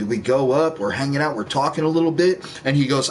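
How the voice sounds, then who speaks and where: A man's voice: mid-range voice, fast, hardly any pauses, slight background noise. A man casually telling a rambling story while gaming, laid-back and swearing freely. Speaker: gaming streamer.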